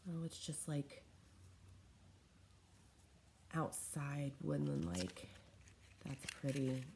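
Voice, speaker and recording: Unwell, coughing and short of breath, a craft vlogger chats casually in her living room while unboxing fan mail, scattered and gushing over small things. Her low voice is slow-paced, gravelly and darkish, with lively intonation, over slight background noise.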